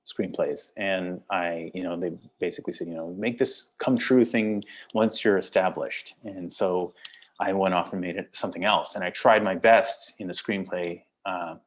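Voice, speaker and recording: A deep-voiced man with a Canadian accent, a film director, chats casually in an interview at a moderate pace and steady tone. Thinking aloud, he rambles, repeats words, and laughs between thoughts.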